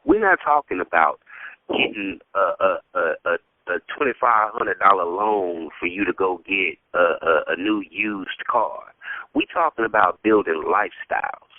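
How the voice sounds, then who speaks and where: A man's voice: on the low side, no room sound. A man hosting a radio talk show, emphatic and hyped, repeating words as he stresses points to his listeners. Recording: tinny phone-like dry sound.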